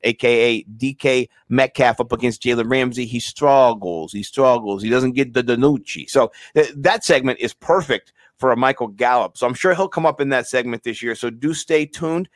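A man co-hosting a casual fantasy football podcast, rambling and excitable, repeating words and plugging sponsors. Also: mid-range voice, brisk, hardly any pauses, dry recording, clean studio sound. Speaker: podcast co-host. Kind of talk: casual sports podcast chat.

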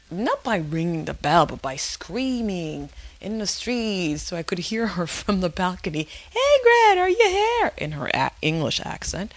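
A woman hosting a podcast, telling stories in a chatty, self-mocking way with playful jokes. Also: on the low side. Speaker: podcast host. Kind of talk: casual podcast chat.

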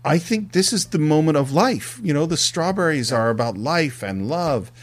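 A man's voice: fairly high pitch, expressive, normal speed. A man co-hosting a film podcast, retelling scenes and acting out bits of dialogue in casual discussion.

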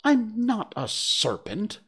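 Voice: medium pitch, big pitch swings, unhurried, husky, exaggerated voice. A reader voicing a polite, bewildered little girl in a storybook reading, earnest and hesitant. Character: puzzled, polite, truthful little girl Alice.

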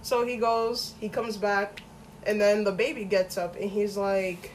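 A young adult woman co-hosting a podcast, telling a story in casual slang with lots of swearing and animated quoting. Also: mid-range voice, normal speed, slight background noise, rough recording. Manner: slangy, profane, animated retelling. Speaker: podcast co-host.

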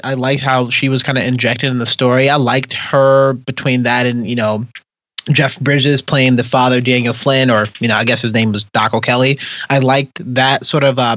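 A man's voice: medium pitch, fairly bright tone, dry recording. Rambling man on a dull, dry mic. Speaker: podcast film reviewer. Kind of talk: casual chat.

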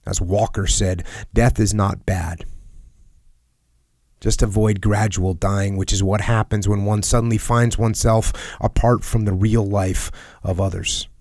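A man reading a personal letter aloud in a solemn, earnest and measured way, sometimes dropping to a hush. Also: fairly low pitch, little pitch movement, dry recording, studio quality. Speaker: reader of a letter.

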